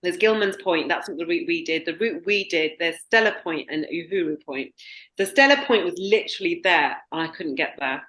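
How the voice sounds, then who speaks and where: A woman's voice: fairly low pitch, animated, a bit bright. Earnest woman guest in an echoey room. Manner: earnest, halting, with many restarts. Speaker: podcast guest. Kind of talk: reflective conversational storytelling.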